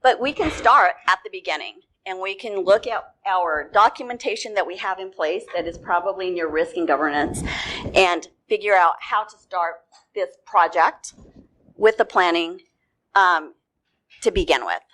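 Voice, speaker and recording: A woman giving a talk at a security conference. She tells the story in a relaxed way and laughs easily. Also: on the low side, normal speed. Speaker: conference speaker.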